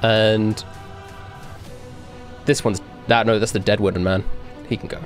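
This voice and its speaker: A man's voice: fairly low pitch, level tone, unhurried, soft background music. A man running a tabletop game as game master, casually describing the action and the rules.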